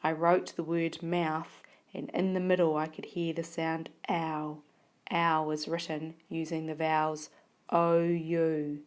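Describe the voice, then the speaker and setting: Slow, low-voiced woman teaching phonics. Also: level tone. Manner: slow, careful, sounding out words. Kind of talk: phonics lesson. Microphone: tablet recording.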